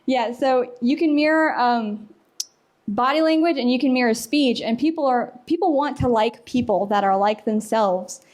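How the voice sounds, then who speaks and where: A woman's voice: fairly high pitch, moderate pace, a little mellow. A young woman giving a casual conference talk in a hall, chatty and laughing often. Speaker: conference speaker.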